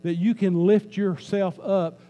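A man's voice: sits high, fairly even intonation, a little slow, highs cut off. A man preaching a sermon in a church as pastor, talking conversationally, joking with the congregation and repeating key lines for emphasis.

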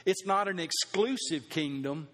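A man's voice: a little high, unhurried, fairly bright tone. A middle-aged man preaching a sermon, talking conversationally and putting questions to the congregation. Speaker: pastor. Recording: long reverb of a hall.

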